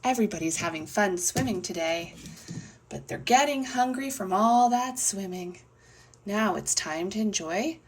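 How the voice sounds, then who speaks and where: A woman reading a children's picture book aloud and narrating toy play, in a soft, hushed voice with playful voices for the characters. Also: medium pitch, lively intonation, moderate pace, distant mic, background noise. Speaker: storyteller playing with toys.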